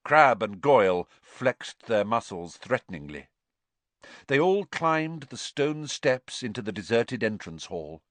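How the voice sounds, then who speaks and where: A man giving expressive, scripted storybook narration at a close mic. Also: medium pitch, slow pace, no room sound. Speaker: audiobook narrator.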